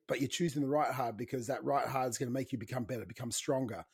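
A man's voice: mid-range voice, brisk, dark tone, breathy edge. A man co-hosting a podcast, talking in an emphatic, preachy way and repeating phrases for emphasis. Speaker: podcast co-host. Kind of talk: motivational podcast chat.

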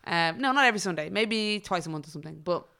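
A woman's voice: on the low side, lively intonation, quick pace, vocal fry, sharp tone, smooth. A young Irish woman co-hosting a podcast, chatting casually, swearing freely and laughing often. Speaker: podcast co-host. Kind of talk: casual chat.

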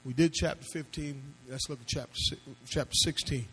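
A man preaching a sermon as pastor, firing off rhetorical questions and rising into shouted appeals. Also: on the high side, steady tone, a little fast, poor audio.

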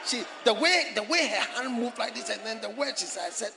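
A man preaching a sermon in a church, animated and often shouting and laughing as he addresses the congregation and online viewers. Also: extremely high pitch, brisk, vocal fry, crowd noise. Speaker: pastor.

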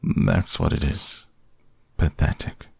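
A man's voice: a little mellow, no room sound, clean studio sound, natural voice. Eeyore, a mournful old donkey, voiced by a man. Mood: gloomy. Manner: slow, mournful, sighing. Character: gloomy old grey male donkey. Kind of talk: storybook reading.

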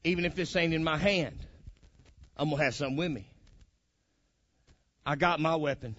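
A man's voice: on the high side, normal speed, fairly bright tone, dry recording. Man, fiery sermon, colloquial, dry lo-fi sound. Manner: fiery and colloquial, calls out to the congregation. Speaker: preacher. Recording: muffled lo-fi recording.

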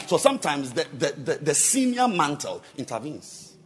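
Male bishop preaching, animated storyteller, lively swooping voice, faint music behind. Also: fairly high pitch, moderate pace, few pauses. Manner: animated, acts out dialogue, repeats words. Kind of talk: sermon storytelling.

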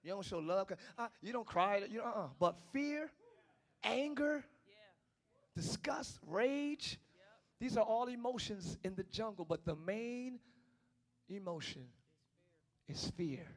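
A male pastor preaching a passionate sermon, swinging between shouting and hushed tones and talking straight to the congregation. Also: high-pitched, animated, slow pace, pauses often. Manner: talks directly to the congregation, calling them y'all.

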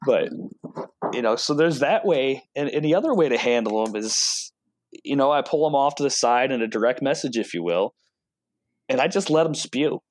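A man's voice: mid-range voice, lively intonation, normal speed, no echo. Chatty man with a dry sound. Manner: chatty storyteller, acts out quotes. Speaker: automotive product rep and guest. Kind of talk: casual interview talk.

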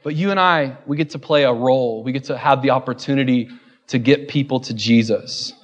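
A man preaching a sermon in a church, joking and laughing at himself, then building to loud declarations. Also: mid-range voice, a little fast, dull audio. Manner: self-deprecating, joking, laughing often. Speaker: guest preacher.

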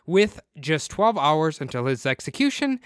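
Male podcast host, fairly high, smooth voice, casual true-crime narration. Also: normal speed, no echo, clean studio sound. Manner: relaxed, laughs often, chatty narration.

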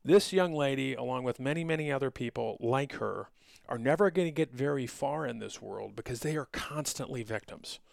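Man, middle-aged, podcast host, gravelly voice, sarcastic lecturing tone, dry close sound. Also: mid-range voice, normal speed, dry recording. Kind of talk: solo podcast commentary.

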